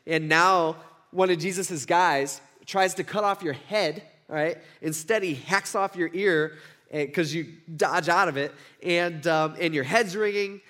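A man teaching a Bible passage in a casual, conversational way, full of fillers and quick "right?" check-ins. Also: on the high side, sharp tone.

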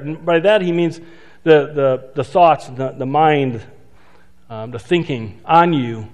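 A man's voice: a little high, a little mellow. Man preaching in a reverberant hall. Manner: conversational preaching, rhetorical questions, slows for emphasis. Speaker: pastor. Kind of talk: sermon.

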